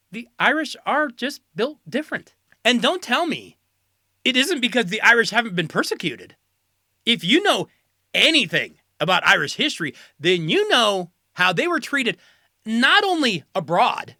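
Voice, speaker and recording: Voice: medium pitch, sing-song, normal speed, pushed and bright, dry recording, clean studio sound. An American host giving a joking solo commentary, full of sarcastic asides. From United States.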